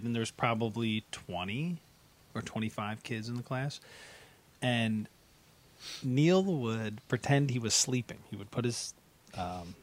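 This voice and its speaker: A middle-aged man hosting a podcast, telling a school story in casual chat, animated and laughing often. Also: mid-range voice. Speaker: podcast host.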